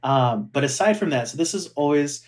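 A man's voice: on the high side, animated, fairly quick. A man, a former theme park cast member, telling stories in casual chat with enthusiasm and frequent laughter. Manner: enthusiastic storyteller, laughs often.

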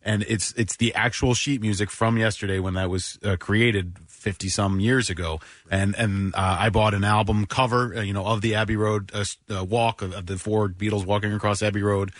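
A man's voice: fairly low pitch, steady tone, normal speed, few pauses, dry recording, studio quality. A man telling a story on a radio show in an earnest, reflective way. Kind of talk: casual conversational storytelling.

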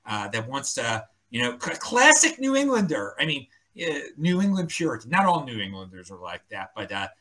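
A man's voice: medium pitch, normal speed, hardly any pauses. A man from Baltimore County with a Baltimore accent, talking as a podcast guest in opinionated casual chat, rambling and restarting his sentences. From Baltimore County, Maryland. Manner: rambling, animated, repeats words and restarts.

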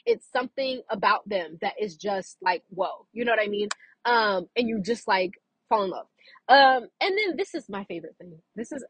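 Young girl vlogging, chatty, lots of likes and laughs, kinda husky. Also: mid-range voice, dry recording, rough recording. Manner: animated, chatty, many fillers and laughs. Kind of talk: casual chat to camera.

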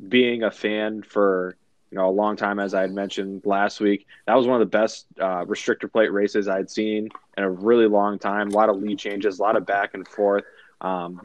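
A man's voice: fairly low pitch, dry recording, dull audio. A man co-hosting a sports betting podcast, rambling through his picks with self-mocking humor. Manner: chatty, rambling betting recap with self-mocking luck talk. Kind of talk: casual podcast chat.

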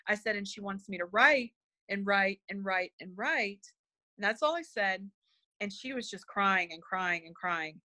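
A woman's voice: mid-range voice, unhurried, pushed and bright, no room sound. A woman guest telling a personal story in conversation, earnest and emotional, hesitant with many fillers and restarts. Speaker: interview guest, spiritual medium.

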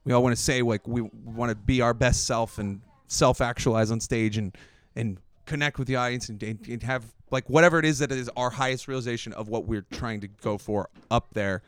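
Smooth-voiced comedian musing at length. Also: male voice, medium pitch, steady tone, brisk, few pauses, dry recording. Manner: thoughtful, long winding sentences with fillers. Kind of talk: casual podcast chat.

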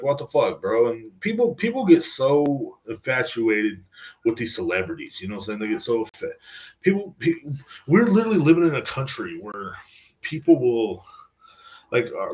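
A man's voice: medium pitch, rough recording. An American man hosting a podcast alone, ranting in a loose, profane, rambling way and tagging lines with "you know what I'm saying.". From United States. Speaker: podcast host. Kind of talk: casual solo podcast monologue.

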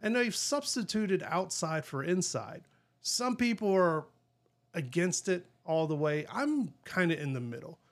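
A man's voice: sits high, lively intonation, a little slow. Chatty middle-aged man. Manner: chatty, laughs easily, rambling storyteller. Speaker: podcast co-host. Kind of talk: casual chat.

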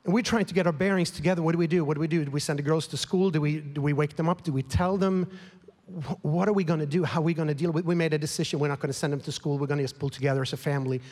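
Male pastor preaching, emotional storyteller, higher-pitched, long hall reverb. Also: steady tone, racing. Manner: emotional, grows louder and more heated, whispers at times. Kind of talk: sermon storytelling.

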